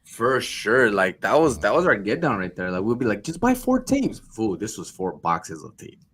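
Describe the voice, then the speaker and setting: A young man telling stories in casual podcast chat, swearing freely and jumping into high voices for the people he quotes. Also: normal speed, fairly bright tone. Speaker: podcast co-host.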